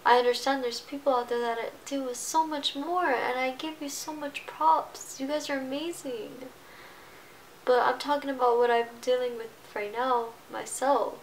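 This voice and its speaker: Young woman in a halting, emotional confession. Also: sits high, fairly even intonation, slight background noise, poor audio. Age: 20s. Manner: halting, emotional, many restarts. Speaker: vlogger. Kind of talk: personal vlog confession.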